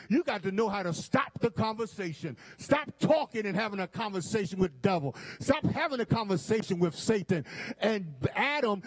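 A man delivers a sermon in a high, ringing voice. He quotes scripture with dramatic pauses and swings between slow, weighty lines and quick asides. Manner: emphatic, quotes scripture with dramatic pauses, shifts pace often. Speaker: preacher.

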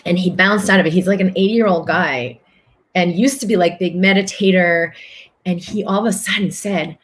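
Lowish voiced woman doing a spiritual livestream, earnest, keeps repeating herself for emphasis, acts out voices when she quotes people. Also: normal speed. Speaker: livestream host answering viewer comments. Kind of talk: spiritual coaching talk.

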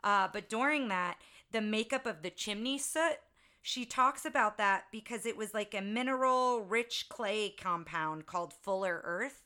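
A woman's voice: medium pitch, a little slow, sharp tone. A woman co-hosting a casual podcast, telling film trivia in a chatty, storytelling way. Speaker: podcast co-host.

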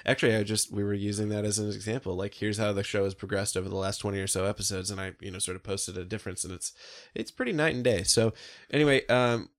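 A man with a lowish voice that sounds nasal and sick, co-hosting a loose podcast. He jokes around and rambles, padding his talk with plenty of fillers. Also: fairly even intonation, quick pace, few pauses. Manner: joking, rambling with many fillers. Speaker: podcast co-host. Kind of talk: casual podcast chat.

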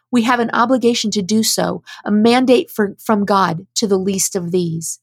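An earnest woman speaking out with emphatic, preachy conviction, reading prepared statements to her audience. Her voice sits at an ordinary middle pitch for a woman. The sound is dry and close, with no room echo. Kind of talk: impassioned spoken commentary, reading prepared statements.

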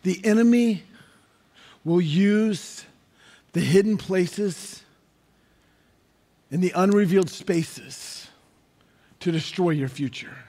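High-voiced preacher man in a big hall. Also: slow, long pauses. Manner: impassioned, building to shouts. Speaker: pastor. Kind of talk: sermon. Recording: long reverb of a large hall.

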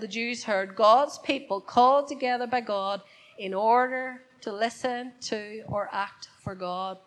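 Woman, preacher, sermon, emphatic repetition, unscripted, somewhat high voice. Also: measured pace, poor audio. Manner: unscripted, repeats key words for emphasis. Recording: church service, congregation present.

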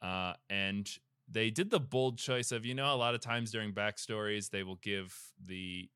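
A man hosting a podcast, casually retelling a film plot in a rambling way, with lots of fillers and quick asides. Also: fairly low pitch, bright, forceful tone, clear, resonant tone, dry recording, clean studio sound. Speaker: podcast host. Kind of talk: casual movie recap chat.

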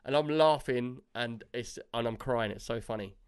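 Animated podcast host, smooth voice. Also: male voice, mid-range voice, normal speed. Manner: animated storyteller, laughs often. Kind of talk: casual chat.

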